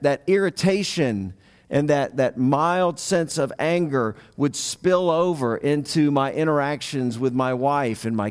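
A middle-aged man, a pastor, preaching a sermon in a relaxed storytelling way, with asides and questions to the listeners. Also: a little high, smooth. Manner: conversational storytelling with asides to the audience.

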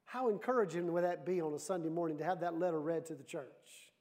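A man preaching a sermon with a high, bright voice. He is lively and keeps turning questions back on the congregation, mixing stories with direct appeals. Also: quick pace. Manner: lively, asks the audience questions. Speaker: pastor.

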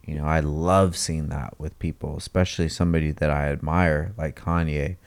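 Deep-voiced man, laid-back podcast co-host. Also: flat delivery, moderate pace. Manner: laid-back, joking, earnest when praising. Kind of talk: casual chat.

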